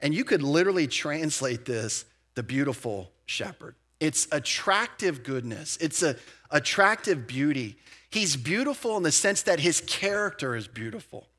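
Man preaching a casual, animated sermon. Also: a little high, normal speed. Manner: conversational, animated emphasis with asides and restarts. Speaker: pastor. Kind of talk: expository sermon. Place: church.

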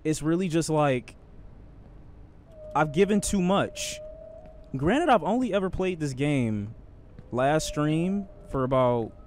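A man's voice: a little high, expressive, slow pace, long pauses, slight background noise. Jumpy man streaming a hard climbing game. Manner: anxious, swings from muttering to shouting. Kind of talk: live gameplay commentary.

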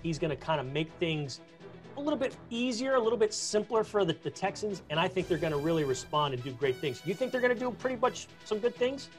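A man's voice: high voice, lively intonation, quick pace, faint music behind. A man, a team insider, chatting on a video call in a gushing, talkative way that he calls being a gabber. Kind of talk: casual chat.

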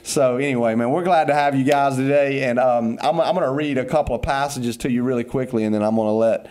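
A man's voice: medium pitch, fast talker, a little mellow. A man, a pastor giving a casual, upbeat devotional talk on a podcast, teasing his co-host, then turning earnest.

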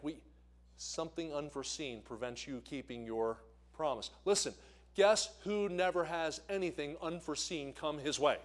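Man, evangelist delivering a church sermon, lively swings from booming to hushed, slightly higher voice. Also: normal speed. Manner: animated, swings between loud emphasis and quiet asides. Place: church sanctuary.

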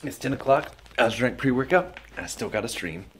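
A young man talking casually to camera with a lively, bouncing pitch that rises and falls a lot. He swears freely, drops to muttered asides, then jumps up to loud, upbeat advice. Faint ambient noise sits under his voice. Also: brisk. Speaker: vlogger and streamer. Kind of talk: casual vlog.

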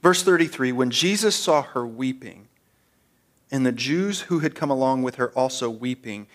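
A male pastor preaching a sermon, earnest and repetitive, building up to passionate emphasis. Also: mid-range voice.

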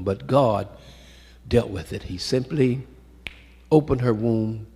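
A man preaching a sermon, swinging from loud calls to hushed storytelling and calling out to the congregation, in a church sanctuary. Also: medium pitch, slow, long pauses, slightly rough. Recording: echoey hall with long reverb.

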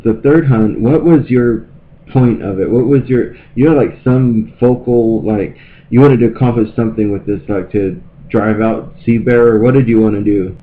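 A man's voice: mid-range voice, normal speed. A man telling a story in casual podcast chat, acting out quotes with lots of swearing. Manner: animated, acts out quotes, swears freely. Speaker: podcast co-host. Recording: lo-fi with faint room noise.

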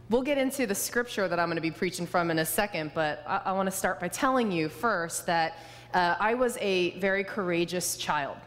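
A woman's voice: on the low side, a little hiss or hum. A woman preaching as a guest speaker, telling humorous personal stories. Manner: warm storytelling, humorous. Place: church sanctuary. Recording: reverberant church hall.

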